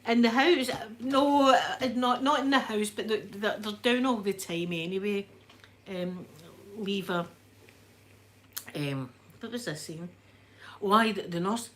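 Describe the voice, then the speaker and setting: A woman with a Glaswegian accent chatting to live viewers in an animated way, a little breathless as she recovers from illness. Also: medium pitch, a little slow, slight background noise. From Scotland. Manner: chatty, animated storyteller, reads out chat names. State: a bit breathless after illness. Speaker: livestream host. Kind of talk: casual chat with live viewers.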